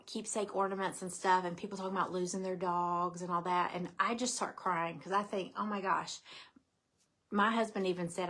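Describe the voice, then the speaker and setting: A woman's voice: on the low side, pushed and bright. A middle-aged woman, chatting casually and at length with her live viewers, repeating herself and saying "you know" a lot. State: out of breath. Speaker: craft business owner.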